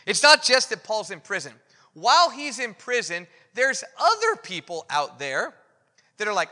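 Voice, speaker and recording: Preacher guy, pretty high voice, chatty self-deprecating sermon, lots of hall echo. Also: normal speed. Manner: candid, self-deprecating, animated storytelling. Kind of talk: conversational sermon. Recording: long reverb of a hall.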